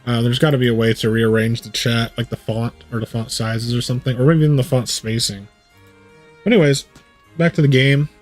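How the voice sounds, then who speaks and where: A man's voice: mid-range voice, steady tone, brisk. Man game streamer, rambles and thinks aloud, condenser mic, faint game music underneath. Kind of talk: casual live gameplay commentary. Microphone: studio USB condenser mic.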